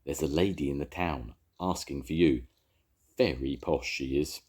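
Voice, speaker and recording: Brief: gossipy village bobby, hushed and husky, very deep, read by an older man. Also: measured pace, exaggerated voice. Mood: confiding. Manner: hushed, confiding.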